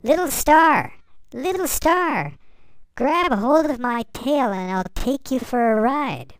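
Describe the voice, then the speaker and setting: A woman voicing a cheerful, fast-moving comet in a bedtime story, calling out in a raised, lively voice. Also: mid-range voice, clear, resonant tone, no room sound, lightly acted. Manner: bright, raised, lively calls. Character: speedy friendly comet, cheerful and bouncy.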